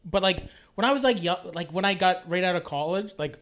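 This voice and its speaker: A man from Canada in his late thirties, talking as a guest on a podcast. His voice sits high for a man. He rambles and restarts, swears a lot and leans on "like" constantly. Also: a little fast, a bit bright. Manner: rambling and profane, full of filler "like"s. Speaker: guest chef. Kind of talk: casual podcast chat.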